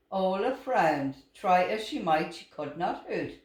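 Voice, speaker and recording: An older woman reading a children's picture book aloud, slow and expressive. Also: fairly low pitch. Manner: slow and expressive, with lively voices. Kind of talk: storybook read-aloud. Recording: roomy echoing room.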